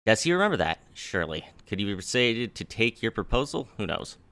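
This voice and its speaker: Low bright-voiced male streamer. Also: very animated, brisk. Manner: casual, with swearing asides. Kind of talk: reading game text aloud.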